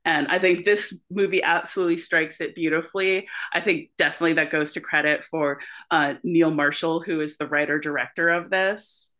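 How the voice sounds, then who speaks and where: A woman's voice: deep voice, steady tone, normal speed, hardly any pauses, a bit bright. A woman talking casually about a film, rambling and leaning heavily on "like" and "you know". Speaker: podcast co-host or guest.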